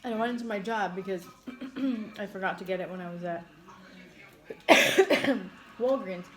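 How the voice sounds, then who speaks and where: A woman's voice: medium pitch, unhurried, faint music behind, rough recording. Chatty woman telling stories while eating. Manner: chatty storyteller, swears casually, laughs often. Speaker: mukbang host. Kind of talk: casual chat while eating.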